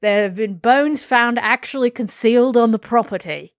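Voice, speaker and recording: A woman's voice: a little high, moderate pace, no room sound, clean studio sound, lightly acted. A woman voicing a retired male police inspector in an Australian accent, recounting in an earnest official manner. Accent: Australian, put on.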